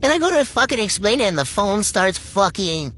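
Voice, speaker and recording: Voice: mid-range voice, very animated, a little fast, fairly bright tone. A young adult from Puerto Rico telling a story to camera in a rambling, swearing, filler-heavy way. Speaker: TikTok storyteller. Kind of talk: casual storytime monologue.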